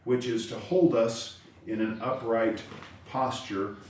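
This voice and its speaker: A man's voice: mid-range voice, fairly even intonation, slow, a little mellow, slight background noise. A man teaching karate, explaining step by step and stressing the key words. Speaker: karate instructor. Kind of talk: spoken lesson. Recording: very echoey room, voice far from the mic.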